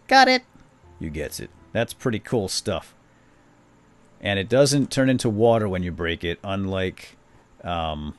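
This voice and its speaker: A man hosting a casual game walkthrough, upbeat and playful, pointing out new features as he plays. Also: low voice. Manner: upbeat, playful, says "groovy" a lot. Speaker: gaming video host.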